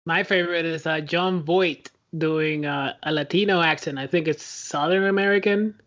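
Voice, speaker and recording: A man's voice: fairly high pitch, steady tone, normal speed, a bit bright, muffled recording. A man co-hosting a casual movie podcast, teasing and blunt. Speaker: podcast co-host. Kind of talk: casual banter about movies.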